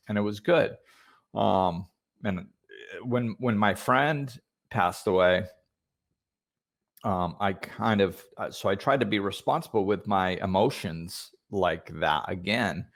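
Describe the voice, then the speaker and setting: A man hosting a podcast, talking in a thoughtful, hesitant way with many pauses and restarts. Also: low voice. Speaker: podcast host. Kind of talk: reflective conversational talk.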